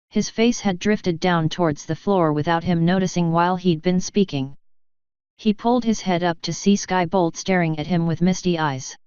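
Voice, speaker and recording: A woman reading fanfiction aloud in steady audiobook narration; dull lo-fi recording. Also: fairly low pitch, normal speed, smooth, no echo. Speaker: fanfiction reader.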